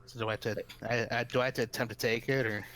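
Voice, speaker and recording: A man's voice: mid-range voice, steady tone, racing, a bit bright. Eager swearing man at a game table. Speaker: player. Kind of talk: casual game table chat.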